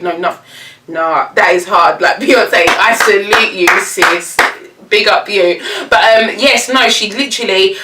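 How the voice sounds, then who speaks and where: A young woman talks in an animated, slangy vlog chat and breaks into laughter often. Her voice is bright and forward. She sits a little back from the mic in a room with noticeable echo. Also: mid-range voice, distant mic. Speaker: vlogger. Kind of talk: casual chat.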